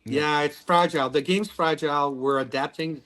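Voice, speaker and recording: Guest: man, 50s, chatty storyteller, slightly high voice. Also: fairly even intonation, normal speed, a bit bright. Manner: rambling storyteller with many restarts. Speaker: guest, former pro hockey player. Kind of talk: casual podcast interview.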